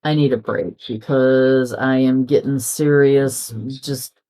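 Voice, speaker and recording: Her voice rumbles low with a darkish tone. She's a middle-aged crafting vlogger chatting as she crafts, hopping from story to story and acting out what people said.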